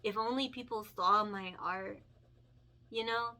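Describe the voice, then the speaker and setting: A woman's voice: mid-range voice, steady tone, unhurried, sharp tone. A young adult woman illustrator chatting casually while she colors, emotional and gushing, laughing often and saying "like" a lot. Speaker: picture book illustrator and vlogger.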